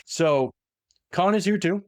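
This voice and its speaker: A man's voice: high voice, slow pace, darkish tone, smooth, no echo. Rambling man retelling lore, dry sound. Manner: rambling, self-correcting with many fillers. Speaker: podcast host.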